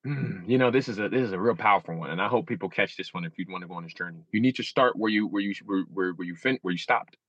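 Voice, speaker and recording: A man's voice: deep voice, fast talker, few pauses, a bit bright, no echo, dull audio. A man in his thirties, a guest in an interview, speaking earnestly with many restarts and repeats. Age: 30s. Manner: earnest, repeats and restarts, acts out inner voices. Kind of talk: emotional interview.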